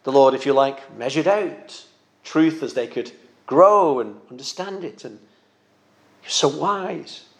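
A man with a slightly higher-than-usual voice, preaching a sermon. He speaks earnestly and gently, like a pastor encouraging his congregation, now and then doubling a word as he thinks. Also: animated, measured pace.

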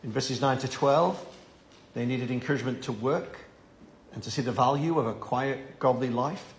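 A man's voice: medium pitch, moderate pace, roomy sound, slight background noise. A man preaching an evening Bible-study sermon, earnest and given to repeating words as he stresses a point.

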